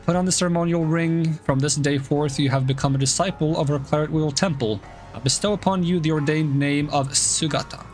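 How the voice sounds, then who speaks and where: A man's voice: a little high, fairly even intonation, brisk, soft background music, close to an everyday voice. A man voicing a solemn male monk who speaks in formal, ceremonial words.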